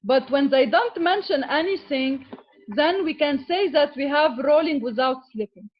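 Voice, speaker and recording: A woman's voice: high voice, expressive, moderate pace, muffled recording. A woman giving a classroom lecture as an engineering teacher, explaining step by step and often checking in with "okay?". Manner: switches to Arabic with students.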